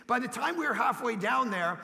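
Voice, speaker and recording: A middle-aged man preaching a sermon, telling family stories and breaking into shouts as he acts out his kids. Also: very high-pitched, lively intonation, a little fast, vocal fry. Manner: storytelling preacher, bursts into shouting when acting out kids. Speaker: pastor. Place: church hall. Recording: long reverb of a church hall.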